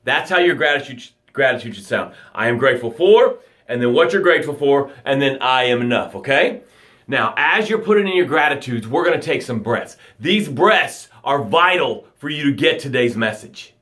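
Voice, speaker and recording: A man giving a motivational talk to his viewers as a coach, swinging from loud urging to soft, hushed guidance. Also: mid-range voice, expressive, normal speed. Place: home livestream. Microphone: phone or webcam, live broadcast.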